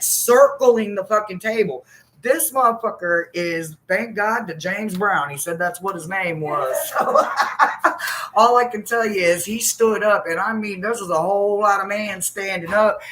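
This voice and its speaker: A woman's voice: medium pitch, measured pace, a bit bright, low-quality recording. A woman hosting a live stream, telling stories in casual, profane chat and laughing often.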